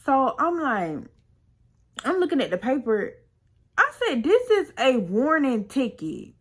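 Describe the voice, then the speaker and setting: Speaking at a measured pace in a high, sing-song voice, a young woman shares a personal story on her storytime vlog. She keeps it chatty and slangy, frequently quoting what others told her.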